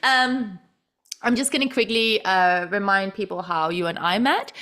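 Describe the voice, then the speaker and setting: Woman, podcast host, effusive, rambling, mid pitch. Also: a little slow, bright, forceful tone. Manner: effusive, rambling with many fillers. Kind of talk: emotional casual chat.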